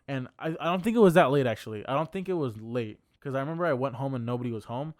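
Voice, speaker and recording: A man's voice: mid-range voice, lively intonation, fast, dry recording, clean studio sound. A young man co-hosting a podcast, telling a long personal story in a casual, heavily profane, rambling way full of fillers. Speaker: podcast co-host.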